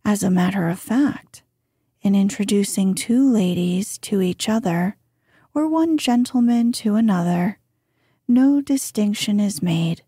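Woman, sleep-story narrator, soft hushed delivery, mellow breathy tone, dry close sound. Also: mid-range voice, a little slow, no echo. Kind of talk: slow soothing bedtime reading.

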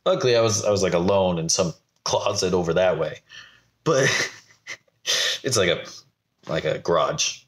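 A man's voice: sits low, lively intonation, normal speed, pauses often. A young man from the United States talking candidly to camera in a vlog, rambling and laughing at himself. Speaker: vlogger. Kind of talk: personal talk to camera.

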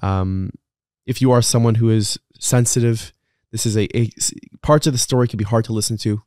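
A man's voice: mid-range voice, brisk, a little mellow, dry recording, clean studio sound. A man hosting a podcast interview in a chatty, casual way with many fillers and restarts. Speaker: podcast host.

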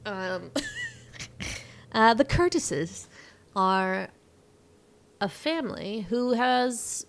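A woman's voice: medium pitch, lively intonation, drawn-out words. A woman co-hosting a podcast, chatting casually about a movie, laughing often and swearing now and then. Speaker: podcast co-host.

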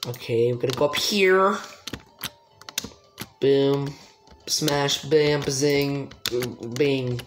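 A man's voice: medium pitch, very slow, long pauses. A man giving live gameplay commentary as he plays, frustrated, self-mocking and swearing a lot. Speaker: gamer streamer. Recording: echoey room with background noise and keyboard clicks.

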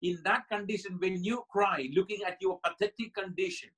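A man's voice: high-pitched, fairly even intonation, a little fast, a bit bright, rough recording. A man preaching a sermon as pastor at a Bible study, emphatic and building his points through repeated phrases. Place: church.

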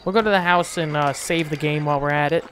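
Guy talking over his gameplay, kinda high voice, noisy game sound behind. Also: steady tone, fast talker. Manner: rambling, thinks aloud with restarts. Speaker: gameplay streamer. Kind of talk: casual game commentary.

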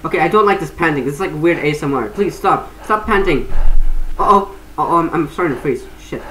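A young woman with a low voice chats excitably through a gameplay session, her pitch swinging widely as she laughs and yelps. She sounds like she is in a roomy, echoey space with a faint hiss behind her. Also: brisk. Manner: excitable, chatty, laughs and shrieks often. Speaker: gaming streamer. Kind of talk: casual gameplay commentary.

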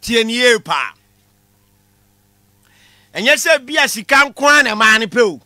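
A man with a Ghanaian accent giving a comic lecture in a lively way, shouting out his punchlines. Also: very high-pitched, moderate pace, no echo, clean studio sound. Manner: animated, shouting punchlines, mixing Twi with English. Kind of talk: comedy class monologue.

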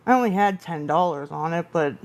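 Gravelly, weary woman live-streaming late. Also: on the low side, expressive, a little fast. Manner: answers viewer comments aloud, weary and apologetic. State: tired and upset. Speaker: livestream host.

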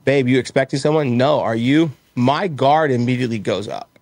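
A man on a casual podcast, telling animated stories and acting out little exchanges in quoted voices. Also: medium pitch, a little fast, dry recording. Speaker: guest, roofing company owner.

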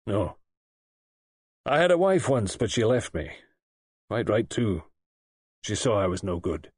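Bitter hospital patient, indignant and curt, low husky voice, read by a man. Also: very animated, unhurried, darkish tone, no echo, studio quality, heavily acted.

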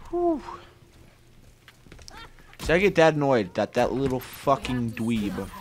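A man's voice: medium pitch, wildly swooping pitch, slow pace, a little hiss or hum. Swearing young man narrating his gameplay. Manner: loud, swearing, frustrated outbursts. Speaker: gaming YouTuber. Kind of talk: profane gameplay commentary.

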